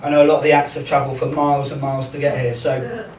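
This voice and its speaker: A man's voice: fairly high pitch, level tone, rapid-fire, a little mellow. A young man doing a live stand-up set in a small pub comedy club, chatty and self-deprecating, rambling with lots of ums. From England. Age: young adult. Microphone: handheld stage microphone. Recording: roomy club sound, distant mic, audience noise.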